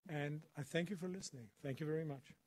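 Husky man telling a dramatic story. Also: fairly high pitch, quick pace. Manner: dramatic storyteller who acts out dialogue. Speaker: guest speaker. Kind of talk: storytelling talk to an audience. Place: college lecture hall.

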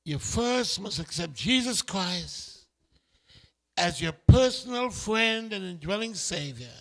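Man preaching in church, very high and bright, slow delivery, builds to shouts. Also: lively intonation, vocal fry. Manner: impassioned, swings from quiet talk to shouting. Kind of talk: sermon.

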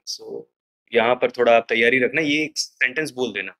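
A man's voice: medium pitch, very fast, sharp tone, low-quality recording. A man with an Indian accent giving direct feedback as an interview panelist, switching between Hindi and English.

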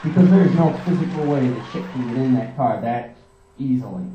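A young man doing a rambling, energetic stand-up style monologue, talking fast and swearing often. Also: mid-range voice, echoey room, distant mic, dull audio, a little hiss or hum. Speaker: comedian.

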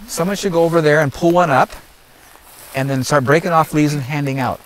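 In poor audio, a gardener with a slightly high, slightly fast male voice leads a garden tour outdoors. He teaches the group emphatically and preachily, repeating his points and phrases and checking "are you hearing me?".

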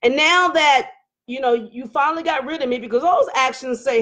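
A middle-aged woman chats on a live stream in a fairly high voice. She reads comments aloud, laughs often, and swings between teasing and heated venting. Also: fairly quick. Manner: animated, laughing, emotional outbursts, Southern Black vernacular phrasing. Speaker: live-stream host reading viewer comments. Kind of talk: casual live-stream chat.

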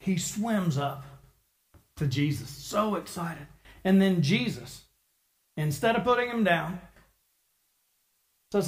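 Male preacher, slightly high voice, animated storyteller who voices the people in his story. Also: slow, pauses often. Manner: lively storytelling, acting out the people in it. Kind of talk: sermon.

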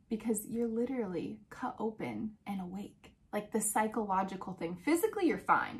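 A young woman hosting a podcast, telling a personal story in a chatty, animated way with many fillers. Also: medium pitch, unhurried. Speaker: podcast host.

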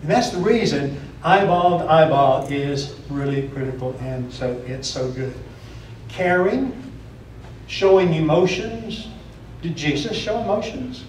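A man's voice: on the high side, lively intonation, unhurried, a little mellow, a little hiss or hum. A man preaching a sermon in a church, plainspoken, often repeating and restarting phrases. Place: church auditorium. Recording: echoey room from far off.

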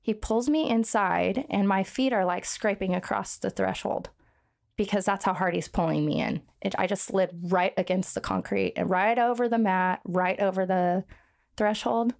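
A woman with a gravelly, fry-edged voice at a middling pitch tells a hard personal story as a podcast guest. Her speech is halting and full of fillers and restarts, and it stays earnest and shaken throughout. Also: darkish tone. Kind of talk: recounting a personal story in conversation.

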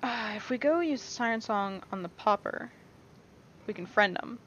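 A woman's voice: a little high, expressive, moderate pace, fairly bright tone. A young woman giving casual, rambling let's-play commentary, playful and often reassuring herself. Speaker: gameplay streamer. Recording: dull lo-fi mic with faint hiss.

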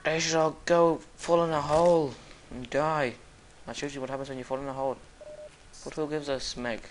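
A young man casually commentating his own gameplay, excitable, swinging from muttering to sudden yelps. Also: a little high, brisk, a little hiss or hum. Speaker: gamer commentating his play.

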